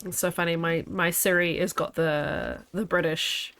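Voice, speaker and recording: A woman's voice: fairly low pitch, steady tone, measured pace, a bit bright. A woman with a New Zealand accent chatting casually to her viewers while streaming a game, laughing often. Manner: chatty, laughs often, talks to chat and herself. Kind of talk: casual chat while playing.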